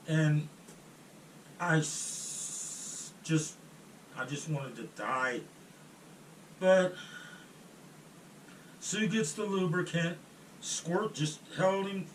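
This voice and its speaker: A man telling a first-person story in a halting way, often restarting and trailing off mid-sentence. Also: fairly high pitch, a bit bright. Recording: roomy echo, distant mic, faint room noise.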